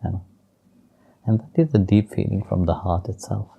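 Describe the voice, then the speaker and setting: A man telling a devotional story in an interview and teaching with gentle, chuckling warmth and simple, non-native phrasing. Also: on the low side, moderate pace, vocal fry, husky, narrow, tinny audio. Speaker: spiritual teacher.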